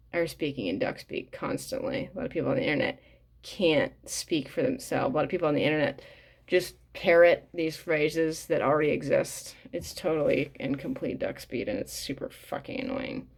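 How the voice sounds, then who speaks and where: A woman's voice: low voice, creaky, a little mellow. A woman reading a book aloud and commenting bluntly and casually, swearing often with plenty of fillers. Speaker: reader and commentator.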